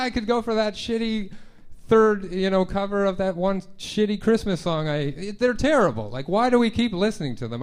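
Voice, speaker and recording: A young man performs stand-up on a club stage into a handheld mic. His voice sits a little high for a man. He tells stories in a loose, self-deprecating way and breaks into punchy act-outs. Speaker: stand-up comedian. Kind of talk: stand-up comedy set.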